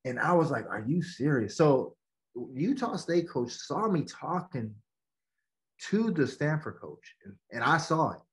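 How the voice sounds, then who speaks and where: A man's voice: a little high, unhurried. A man guest on a podcast, telling stories in a casual way, acting out quotes and often saying "man". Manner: animated storytelling, acts out quotes, says "man" often. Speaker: guest, educator and former football coach. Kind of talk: casual storytelling in a podcast interview.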